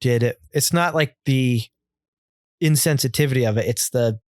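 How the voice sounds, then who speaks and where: A man's voice: mid-range voice, no room sound. Opinionated man podcasting, dry close sound. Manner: opinionated, critical, halting restarts. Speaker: podcast co-host. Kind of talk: casual film discussion.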